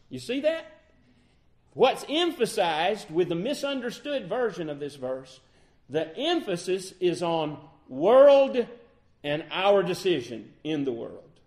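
A man preaching a sermon, swinging between loud, high exclamations and slow, soft passages, stretching out key words.

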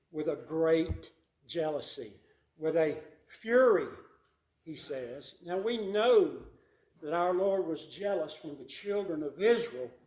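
A man preaching a sermon, emphatic and repeating his key phrases, rising louder on his main points. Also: a little high, echoey room.

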